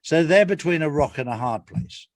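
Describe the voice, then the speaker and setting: The interview guest is an older, retired English author who talks at normal speed in an expressive, rather high voice. His manner is casual and sincere, and he restates points for emphasis; the recording is clean studio audio without echo.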